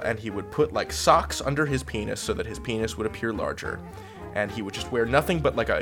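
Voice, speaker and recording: Animated man telling a comedic story. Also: gravelly. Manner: animated, acts out quoted people with big pitch jumps. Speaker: podcast co-host telling a story.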